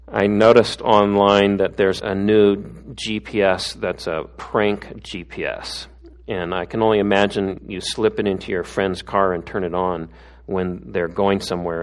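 A middle-aged man giving a conversational sermon as a pastor, often tossing in tag questions. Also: fairly low pitch.

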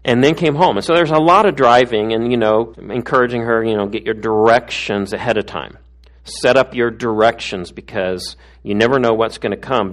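A middle-aged man giving a conversational sermon as a pastor, often tossing in tag questions. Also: lowish voice.

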